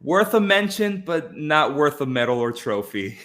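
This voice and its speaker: A man hosting a casual film podcast, animated and repeating phrases for emphasis. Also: a little high, moderate pace. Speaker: podcast host. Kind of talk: casual chat.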